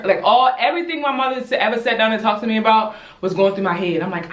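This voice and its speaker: A young woman from Baltimore telling a casual storytime at home while doing her hair, chatty and animated, talking straight to her viewers. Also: a little high, quick pace, few pauses. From Baltimore, USA. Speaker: vlogger. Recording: roomy echo.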